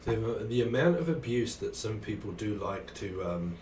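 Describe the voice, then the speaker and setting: A man's voice: fairly low pitch, expressive, normal speed, darkish tone. A middle-aged man with a Cambridgeshire English accent, chatting in a rambling way with viewers on his live tarot stream. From England. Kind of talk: casual livestream chat. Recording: roomy, distant mic, faint noise.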